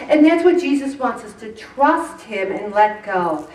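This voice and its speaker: High-voiced middle-aged woman telling stories. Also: unhurried, distant mic, some chatter behind. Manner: animated, self-mocking, laughs often through the story. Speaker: host of a faith talk show. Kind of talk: personal storytelling talk on faith. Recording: roomy sound, voice off-mic, faint background noise.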